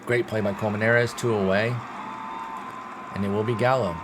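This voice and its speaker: A young man with a fairly low voice narrates his baseball sim game like a play-by-play announcer. He lurches between sulky, muttered frustration and loud excited outbursts, swearing along the way. A steady wash of background noise sits under his voice. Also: normal speed, pauses often. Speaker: gaming streamer.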